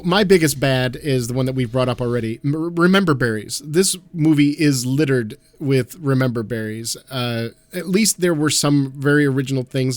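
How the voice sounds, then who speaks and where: A man's voice: medium pitch, no echo. A man co-hosting a podcast in casual chat, ranting animatedly and swearing a lot. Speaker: podcast co-host.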